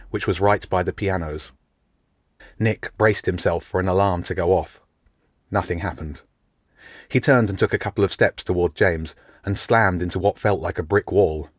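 A male narrator reading a storybook aloud, even and measured. His voice sits low, and the recording is close and dry. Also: no room sound. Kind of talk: audiobook narration.

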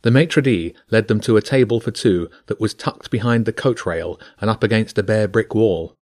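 Measured man reading a bedtime story. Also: lowish voice, darkish tone, no echo, clean studio sound. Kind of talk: scripted bedtime story narration.

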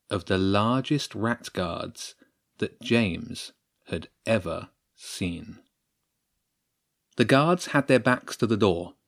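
Male narrator, low voice, expressive storybook read.

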